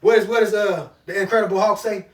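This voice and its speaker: High-voiced fervent preacher man. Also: steady tone, quick pace, a crowd in the background. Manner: fervent, rhythmic, repeats phrases. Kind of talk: preaching Bible study. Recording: echoey room, distant mic.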